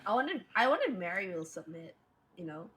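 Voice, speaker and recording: A woman's voice: lowish voice, big pitch swings, quick pace, a bit bright, breathy edge, rough recording. A woman co-hosting a casual podcast, teasing her partner and chatting with fillers. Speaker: podcast co-host.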